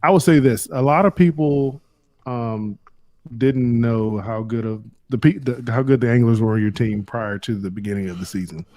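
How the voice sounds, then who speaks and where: A man's voice: mid-range voice, moderate pace, darkish tone. Male host, loose slangy banter, teasing, mid-range voice. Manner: joking, slangy, says "bro" often. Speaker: show host. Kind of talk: casual banter.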